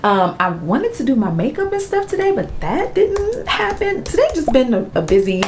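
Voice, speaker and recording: A woman's voice: sits high, sing-song, normal speed, background noise. Chatty mom vlogging her launch. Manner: chatty and candid, Southern slang, emotional and grateful. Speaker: small business owner vlogging a product launch. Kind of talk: casual vlog chat to camera. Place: at home.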